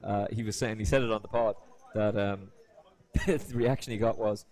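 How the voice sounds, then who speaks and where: Male commentator, middle pitch, chatty storyteller on live poker coverage. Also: expressive. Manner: chatty storyteller, quick to slip into voices.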